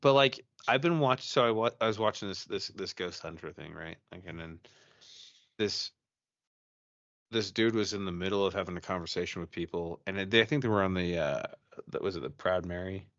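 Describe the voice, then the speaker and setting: A man's voice: sits low, brisk, a bit bright, no room sound, dull audio. A man co-hosting a podcast, chatting casually and telling a ghost story, profane and rambling with many restarts. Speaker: podcast co-host.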